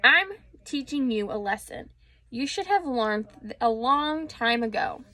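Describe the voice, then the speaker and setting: A woman voicing a sly, smug male cat who drawls in a smooth, silky voice. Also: fairly high pitch, expressive, a little slow, bright, forceful tone.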